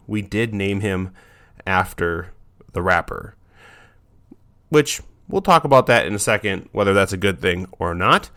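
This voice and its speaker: Chatty low-voiced man hosting a podcast. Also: a bit bright. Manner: loose and chatty, many fillers and restarts. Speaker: dog trainer and podcast host. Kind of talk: casual podcast monologue.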